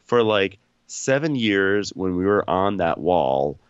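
A man's voice: deep voice, sing-song, slow pace, smooth, no echo, muffled recording, exaggerated voice. A man on a comedy podcast playing an exasperated, clueless young warrior, sarcastic in tone.

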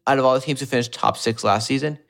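A man's voice: mid-range voice, fast, gravelly, a bit bright. A young man co-hosting a football podcast, giving blunt, opinionated takes in casual chat. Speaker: podcast co-host.

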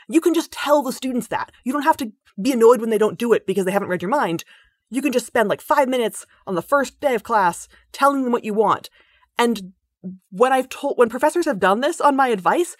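A woman talks through a casual interview in a lively, chatty way. She keeps slipping into playful voices to quote other people. The sound is dry and close, with no room around her. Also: sits high, fairly quick, dry recording. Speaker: guest linguist.

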